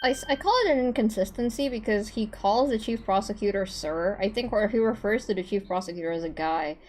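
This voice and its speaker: A woman streaming a story game, chatting casually, excitable and stammering through restarts. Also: medium pitch, a little fast, a little hiss or hum. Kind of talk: casual let's-play chat.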